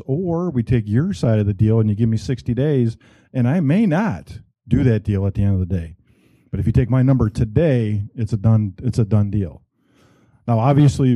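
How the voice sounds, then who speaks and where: A middle-aged man, a real estate broker, pitching his services at a meetup in a plainspoken way, often correcting himself. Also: dark tone, no echo. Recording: dull lo-fi room audio.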